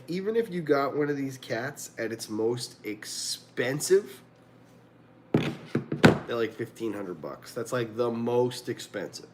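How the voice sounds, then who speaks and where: A man hosting a livestream from a room at home, chatting casually in a rambling, profane way and laughing often. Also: medium pitch. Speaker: livestream host. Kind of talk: casual chat.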